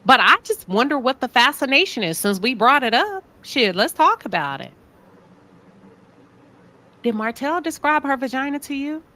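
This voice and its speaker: A woman's voice: high voice, big pitch swings, moderate pace, sharp tone. A woman with a Southern American accent hosting a live talk show, asking pointed, sassy rhetorical questions. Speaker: show host.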